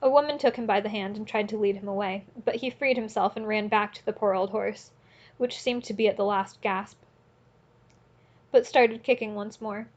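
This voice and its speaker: A woman narrating an audiobook in a steady, earnest reading voice, now and then correcting a slip. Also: medium pitch, moderate pace, lo-fi sound. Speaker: audiobook reader.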